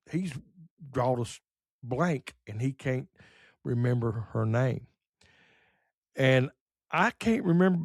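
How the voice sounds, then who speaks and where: A middle-aged man telling rambling, folksy stories on a podcast, full of pauses and fillers. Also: medium pitch, darkish tone, dry recording, studio quality. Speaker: podcast host. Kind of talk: casual storytelling.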